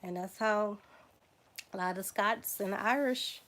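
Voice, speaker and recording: A woman's voice: mid-range voice, takes it slowly, fairly bright tone. A woman with a Southern US accent hosting a casual livestream, reading out name lists, spelling names letter by letter and chatting with viewers. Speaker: genealogy livestream host.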